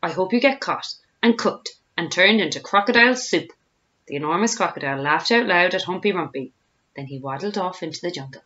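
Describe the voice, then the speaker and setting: Expressive Irish woman reading a storybook. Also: lowish voice. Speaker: teacher reading aloud. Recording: dull lo-fi home recording.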